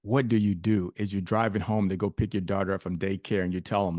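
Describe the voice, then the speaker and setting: A man's voice: low-pitched, little pitch movement, fast, darkish tone, no echo. Dry close-miked man telling his story. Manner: emphatic, builds stories with rhetorical questions. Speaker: podcast guest. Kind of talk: personal storytelling in a podcast interview.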